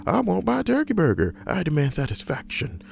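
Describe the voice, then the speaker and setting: A man's voice: big pitch swings, slow pace, exaggerated voice. A man voicing an entitled diner who keeps screaming indignantly about his order. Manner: shrill, ranting, indignant.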